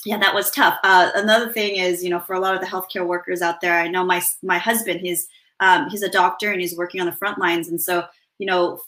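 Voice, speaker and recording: A woman's voice: lowish voice, level tone, fairly quick, bright, forceful tone. A mother talking reflectively in casual chat, with many fillers and restarts. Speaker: guest mother.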